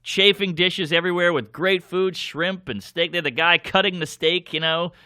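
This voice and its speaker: A man's voice: high-pitched, normal speed, dry recording, clean studio sound. A young adult man, a comedian, telling a story casually on a podcast and acting out the people in it. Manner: animated, acts out voices of people in the story.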